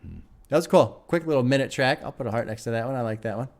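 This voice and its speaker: Excitable man reacting to music. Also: mid-range voice, fast talker. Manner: enthusiastic, swears freely, laughs often. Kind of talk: casual album reaction commentary.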